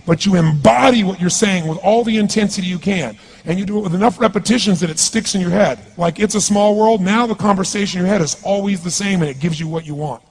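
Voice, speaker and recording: A man's voice: sits high, slight background noise. A man giving an intense, commanding motivational speech on stage and calling for responses from the audience. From California. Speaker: motivational speaker.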